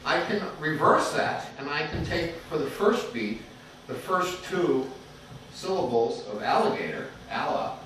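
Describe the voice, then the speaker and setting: A man's voice: a little high, expressive, unhurried. A man teaching a music class, explaining step by step and chanting rhythm syllables to his students. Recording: echoey classroom, far from the mic, loud noise.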